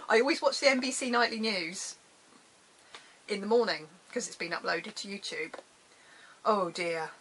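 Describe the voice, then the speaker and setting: A woman's voice: mid-range voice, bright, forceful tone, slight background noise, low-quality recording. A middle-aged woman from the UK chatting casually about her crafts, self-deprecating and prone to trailing off and restarting. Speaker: crafting vlogger. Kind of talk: casual chat showing crafts.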